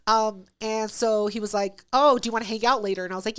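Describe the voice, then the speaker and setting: A woman hosts a podcast, telling a story in casual, profane chat and performing both sides of it herself. She talks fast with few pauses, her medium-pitched voice steady, clear and resonant.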